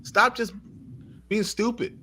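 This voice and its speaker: A man's voice: sits high, steady tone, slow pace, pushed and bright, husky. A man co-hosting a podcast, talking casually in short emphatic bursts. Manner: emphatic, rants in short punchy lines. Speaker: podcast co-host. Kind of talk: casual chat.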